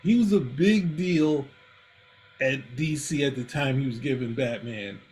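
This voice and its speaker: A man's voice: mid-range voice, a little slow, darkish tone, slight background noise, rough recording. A man co-hosting a comics talk show, rambling with frequent restarts and acting out quotes in casual chat. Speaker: comics podcast co-host.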